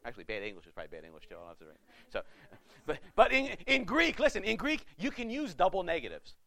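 A male pastor preaching a sermon with passion, swinging between loud urging and hushed pleading. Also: fairly high pitch, no room sound.

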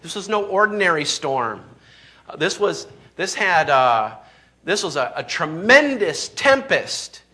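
A pastor with a slightly high, pushed and bright voice preaches his sermon emphatically. He reads scripture aloud and keeps restarting his sentences.

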